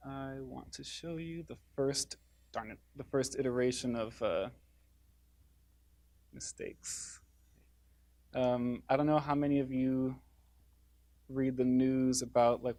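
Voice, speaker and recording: A man giving a public talk in a theater, hesitant, with many fillers and restarts. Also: medium pitch. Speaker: speaker.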